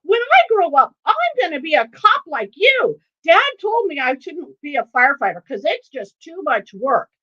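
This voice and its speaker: A breathless little boy's voice that swoops sky-high and never stops asking questions, as a woman puts him on in a story. The pitch jumps all over the place, loud and chirpy. The audio is dull and lo-fi, like a live stream. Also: full character voice. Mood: excited. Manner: breathless, excited, runs on without pause. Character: chatty precocious six-year-old boy, nonstop questions.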